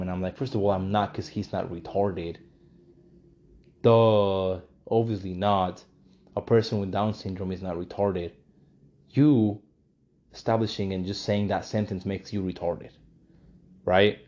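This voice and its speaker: A man rants through a news article in heated, profane commentary, circling back to repeat his points. His voice sits on the low side and sounds dark and mellow. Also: fairly even intonation, a little slow, long pauses. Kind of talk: ranting commentary.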